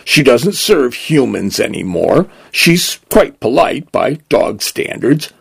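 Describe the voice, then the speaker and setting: A man voicing a cheerful, once-fussy robot grocery store that has taken in a dog, in a bright, fond manner. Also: medium pitch, sing-song, slow, vocal fry, breathy edge, no room sound, full character voice.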